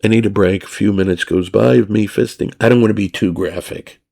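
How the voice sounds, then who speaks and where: A man's voice: on the low side, steady tone, fairly quick, creaky, mellow. A man hosting a podcast, telling a crude story in a rambling, blunt way and acting out both sides of it. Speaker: podcast host.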